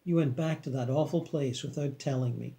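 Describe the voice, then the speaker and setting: A man voicing a wise, effusive old male spirit teacher with a Chinese accent, speaking slowly and majestically. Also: mid-range voice, vocal fry, dark tone, lightly acted. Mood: majestic. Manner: slow, majestic, enthusiastic.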